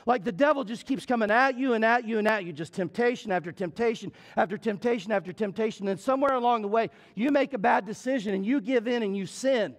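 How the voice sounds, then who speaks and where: Folksy high-voiced male pastor. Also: quick pace, few pauses. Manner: folksy, playful storytelling that builds into repetitive preaching. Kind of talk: storytelling sermon. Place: church sanctuary.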